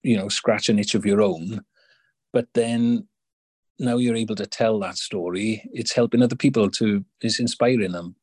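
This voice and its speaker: A male podcast host with a slightly husky voice, asking long, meandering questions in an easy conversational way. He sounds supportive of his guest, and the sound is dry and close. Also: lowish voice, fairly even intonation, moderate pace, darkish tone, dry recording. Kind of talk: conversational interview.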